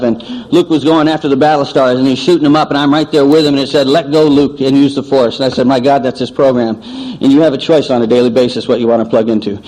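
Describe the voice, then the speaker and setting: A man shares his story at a recovery meeting, talking quickly in a somewhat high voice. He tells it with animation, acting out bits of dialogue. The sound is an old cassette tape recording. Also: darkish tone, low-quality recording. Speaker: AA speaker.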